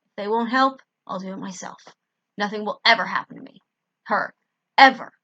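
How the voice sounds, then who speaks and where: A woman's voice: medium pitch, moderate pace, pushed and bright, dull audio. A woman reading as an intense, protective male villain. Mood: determined.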